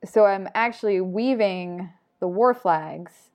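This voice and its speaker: A woman talks on a podcast, spinning lively anecdotes about her craft. She laughs easily and swears in a relaxed, casual way. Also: mid-range voice, slow, lo-fi sound. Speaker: podcast guest, textile artist. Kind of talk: casual storytelling chat.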